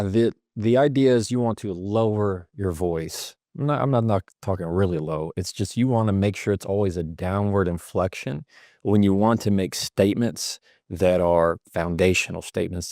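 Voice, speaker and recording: Male guest, low-ish voice, dry close sound, explains advice and demos example phrasing. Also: vocal fry, darkish tone, no echo. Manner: illustrates points with acted-out sample lines. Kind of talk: conversational advice.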